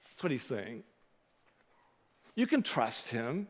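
A male pastor preaching a sermon, rising to loud emphatic declarations and dropping to soft, earnest appeals. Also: medium pitch, big pitch swings, slow pace, pauses often. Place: church sanctuary. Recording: long hall reverb.

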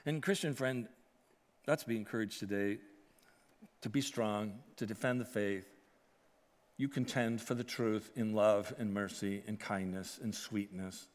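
A male pastor preaching a sermon, rising to loud emphatic declarations and dropping to soft, earnest appeals. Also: lowish voice, measured pace. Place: church sanctuary. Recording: long hall reverb.

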